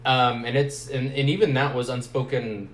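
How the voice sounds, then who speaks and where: A man chatting on a podcast, reflective and halting, often restarting his sentences. His voice is mid-pitched and sounds roomy, with faint noise underneath. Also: steady tone, a bit bright. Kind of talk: casual chat.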